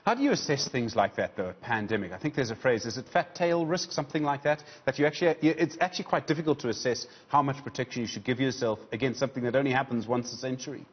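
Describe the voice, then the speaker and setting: A man's voice: mid-range voice, fast talker, few pauses, breathy edge, dull audio. A man interviewing a guest on TV news, asking probing questions in a conversational way, often with "I mean".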